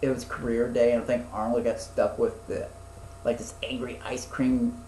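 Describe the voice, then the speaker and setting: A man's voice: medium pitch, little pitch movement, normal speed, mellow, echoey room, a little hiss or hum, rough recording. A young man chatting casually as a podcast co-host, rambling with lots of fillers, restarts and swearing. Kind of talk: casual chat.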